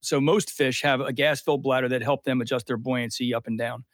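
A man's voice: mid-range voice, brisk, no echo. A man who guides freshwater snorkeling trips, explaining fish and streams in an enthusiastic interview voice with plenty of fillers. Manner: animated, explains with lots of fillers.

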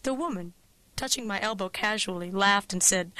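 A woman narrating a comic personal story with a wry, vivid, expressive delivery on a close studio mic. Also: mid-range voice, moderate pace, no room sound, rough recording.

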